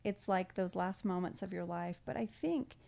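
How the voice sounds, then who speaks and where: A woman's voice: fairly low pitch, normal speed, gravelly, warm tone. A middle-aged woman, a podcast guest, talking in a casual, heartfelt way, reflective and tender, often emotional.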